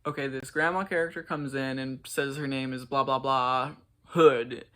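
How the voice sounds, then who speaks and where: A man's voice: medium pitch, fairly even intonation, moderate pace, a bit bright. A man giving casual, gushing reaction commentary to a show, swearing and saying "like" a lot. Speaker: reaction vlogger.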